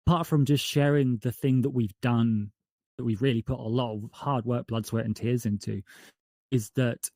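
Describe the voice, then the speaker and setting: This man, a podcaster from northern England, speaks in a mid-range voice with vocal fry, caught on a dry, clean studio recording. He's chatty in the interview, keeps correcting himself mid-sentence, and perks up whenever he's cracking jokes.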